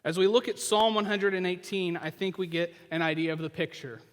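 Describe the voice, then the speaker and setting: A male pastor preaching a sermon, retelling the story as if the listener were there and dropping to quiet asides. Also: high voice, fairly even intonation, brisk. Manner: storytelling, puts the listener into the scene. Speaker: senior pastor. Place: church sanctuary. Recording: reverberant church hall.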